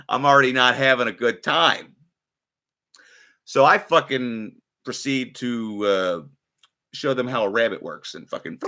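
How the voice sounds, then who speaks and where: A man hosting a livestream, telling a story in casual, profane, animated talk. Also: medium pitch. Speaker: livestream host.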